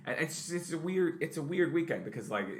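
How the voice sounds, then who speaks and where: A man's voice: on the high side, expressive, fast. A man in his late thirties co-hosting a podcast, chatting casually and rambling with many fillers, restarts and casual swearing. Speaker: podcast co-host. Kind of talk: casual chat.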